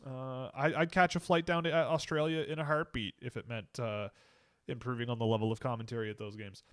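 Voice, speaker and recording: A Canadian man at a middle pitch, talking casually on a livestream. He thinks aloud and restarts sentences as he answers chat questions. The sound is dry and close, with no room behind it. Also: steady tone, fairly quick, a bit bright, clean tone, no room sound.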